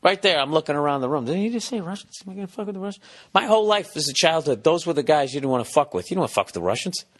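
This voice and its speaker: Guy ranting and cussing, fairly high voice, comedy monologue. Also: animated, racing, a bit bright. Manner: ranting, profane, incredulous. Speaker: podcast host.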